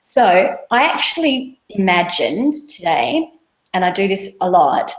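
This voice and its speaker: A woman's voice: mid-range voice, big pitch swings, unhurried. A woman in her thirties talks earnestly and conversationally, like a guest teaching a webinar. Her mid-range voice sits in a roomy space with noticeable echo. She explains ideas through plain everyday examples. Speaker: mindfulness course guest. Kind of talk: casual webinar talk.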